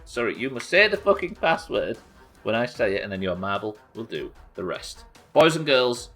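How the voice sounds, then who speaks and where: A man's voice: on the low side, big pitch swings, normal speed, pushed and bright, soft background music. A young man hosting a live game stream, bantering with chat in a sweary, exasperated way. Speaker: streamer host.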